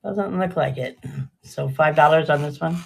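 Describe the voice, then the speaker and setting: A woman's voice: low-pitched, normal speed, vocal fry, darkish tone. An older woman chatting casually and rambling through a live jewelry sale, often trailing off mid-sentence. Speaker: live-stream jewelry seller.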